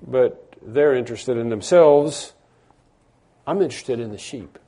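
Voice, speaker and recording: A middle-aged man delivers a sermon in a warm, mellow voice. He speaks earnestly, circling back and repeating key words to stress them. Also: mid-range voice, unhurried. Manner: earnest, repeats and restarts for emphasis. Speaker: pastor.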